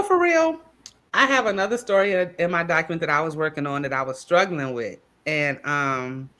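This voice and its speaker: A woman author, chatting casually and telling stories with lively acted-out quotes. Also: sits low. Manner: animated storytelling with voiced quotes. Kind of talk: casual panel chat.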